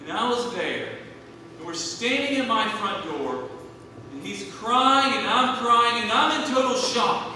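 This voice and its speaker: A man in his thirties preaching a sermon, swinging between hushed and loud, emphatic delivery. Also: sits high, expressive, unhurried, background noise. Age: 30s. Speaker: pastor. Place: church sanctuary. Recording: echoey church hall from a distant mic.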